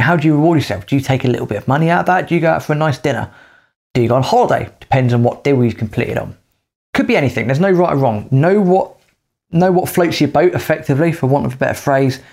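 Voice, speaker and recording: A man co-hosting a podcast, giving emphatic advice in casual chat with quick bursts of speech. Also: mid-range voice, animated, vocal fry, darkish tone. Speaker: podcast co-host.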